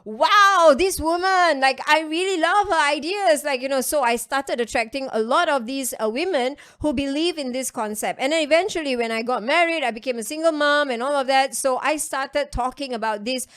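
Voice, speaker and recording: Woman, Singaporean English accent, high-pitched, chatty, emphatic, online business coach. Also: brisk, hardly any pauses. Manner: emphatic, chatty, repeats phrases for stress. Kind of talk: casual coaching talk to an online class.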